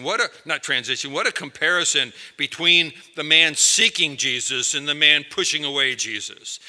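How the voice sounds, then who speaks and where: A man's voice: fairly high pitch, bright, forceful tone. A male pastor giving a sermon, talking conversationally and addressing his listeners directly. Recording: long hall reverb.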